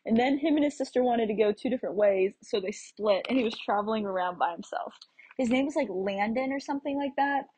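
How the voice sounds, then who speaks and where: A woman's voice: on the high side, fairly quick, darkish tone, slight background noise, rough recording. A young American woman from the United States chatting casually about her travels, rambling with fillers and restarts. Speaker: travel vlogger.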